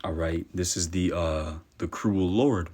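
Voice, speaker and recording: Man, very low voice, preaching, slow verse reading, repeats "all right?". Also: darkish tone. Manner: peppers speech with "all right?"; reads verses slowly and deliberately. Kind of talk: scripture teaching.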